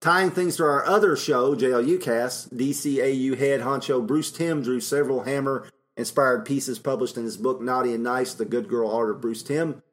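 A man's voice: mid-range voice, normal speed. A middle-aged man co-hosting a podcast, chatting casually and recapping film plots with frequent laughs. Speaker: podcast co-host.

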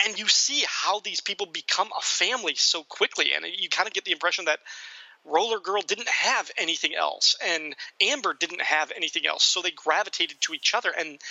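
A man's voice: on the high side, gravelly, bright, forceful tone, no room sound, lo-fi sound. A man co-hosting a casual podcast about a film, talking animatedly, laughing often and acting out quotes. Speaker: podcast co-host.

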